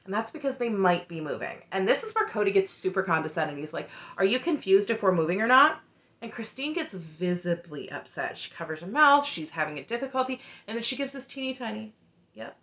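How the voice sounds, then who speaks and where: A woman recapping a reality show in a casual, opinionated way, with candid commentary and frequent asides. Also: medium pitch. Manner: candid and animated, talks through her frustration with frequent asides.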